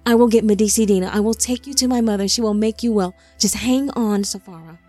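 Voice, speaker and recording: A woman reading a gentle grieving patriarch, hushed. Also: medium pitch, fast talker, husky, dry recording, faint music behind, lightly acted. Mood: tender grief. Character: grieving tender old patriarch, man.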